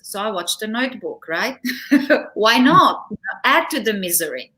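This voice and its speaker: A middle-aged woman, a relationship coach, chatting as an interview guest and telling stories with lively laughter. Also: medium pitch, unhurried. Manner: animated storytelling, laughs often. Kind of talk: casual interview chat.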